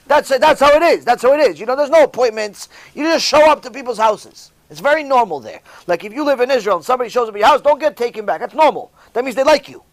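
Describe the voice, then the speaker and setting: A man with a high voice delivers an informal sermon as a rabbi. He tells stories and hammers his points home by repeating key phrases. The sound is dry and close. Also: expressive, fast, few pauses, dry recording.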